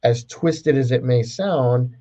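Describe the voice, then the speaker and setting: A man's voice: mid-range voice, slow, dark tone, highs cut off. A man co-hosting a casual podcast, talking with many fillers and restarts. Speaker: podcast co-host. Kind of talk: casual chat.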